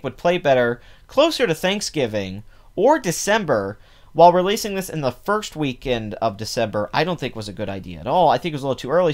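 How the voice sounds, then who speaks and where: A man hosting a casual box office commentary, opinionated and rambling, with many fillers and restarts. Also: on the high side. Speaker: podcast host.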